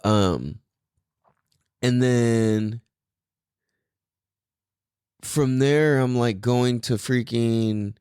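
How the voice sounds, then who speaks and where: A man's voice: mid-range voice, extremely slow, long pauses, dark tone, clear, resonant tone, dry recording, studio quality. A young man hosting a podcast in a casual monologue, full of surfer slang, swearing and "like" and "dude". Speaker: podcast host.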